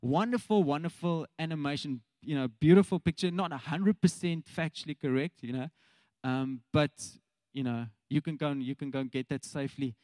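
Brief: South African male preacher, thirties, fairly high voice, relaxed chatty sermon delivery, close dry sound. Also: a little fast, dry recording. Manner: casual, chatty, addresses congregation directly. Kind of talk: conversational sermon.

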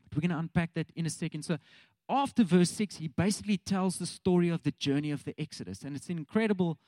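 Brief: South African male preacher, thirties, fairly high voice, relaxed chatty sermon delivery, close dry sound. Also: quick pace, no echo. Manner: casual, chatty, addresses congregation directly. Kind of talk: conversational sermon.

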